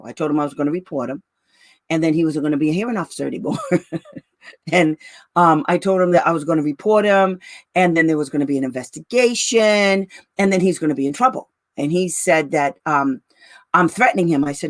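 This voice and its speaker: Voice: mid-range voice, lively intonation, brisk, no room sound. Blunt advocate on a live stream, laughs a lot, calls folks honey, dry room. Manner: blunt and brash, laughs often; calls listeners "girl" and "honey". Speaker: special education advocate. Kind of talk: casual livestream talk to parents.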